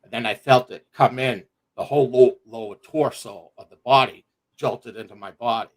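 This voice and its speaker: A middle-aged man telling a personal story on a livestream, animated and profane, laughing as he goes. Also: mid-range voice, moderate pace. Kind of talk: casual storytelling.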